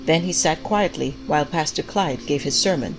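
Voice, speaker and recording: A woman with a notably low voice reads a story aloud in a measured, even way. Faint music plays softly behind her narration. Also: poor audio.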